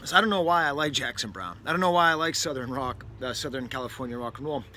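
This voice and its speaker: Fast and expressive, with a medium pitch and a sharp tone, a New England man hosts a casual record review full of wry rambling, self-interruptions and asides. He's recorded indoors near a window, a bird outside, with faint background noise.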